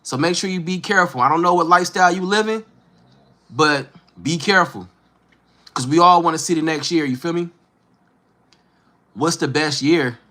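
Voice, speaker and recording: A man in his thirties from Northern California talks loosely and slangily to his viewers, with a Northern Californian accent. His voice is bright and forceful and sits a little high for a man. He answers viewers directly in an easy livestream chat. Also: normal speed, pauses often. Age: 30s. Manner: laid-back, slangy, talks straight to viewers. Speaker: livestream host.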